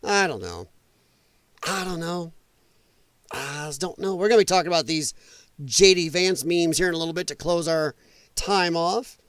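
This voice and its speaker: A man's voice: on the high side, animated, normal speed, pauses often, a bit bright, smooth, dry recording. A man hosting a late-night news livestream, ranting casually and sarcastically about the headlines. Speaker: livestream host.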